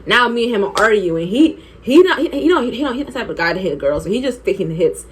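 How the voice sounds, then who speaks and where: A young woman vlogger telling an animated, profane story while doing her makeup. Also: fairly high pitch, fast, slight background noise. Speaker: beauty vlogger.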